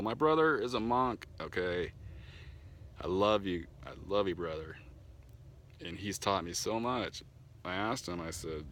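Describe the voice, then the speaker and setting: A man telling the story of his spiritual journey to a camera outdoors. He rambles with fillers and restarts, laughs often, and grows animated when he is annoyed. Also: low voice, moderate pace. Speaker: vlogger sharing spiritual testimony. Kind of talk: casual personal storytelling to camera. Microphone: camera mic.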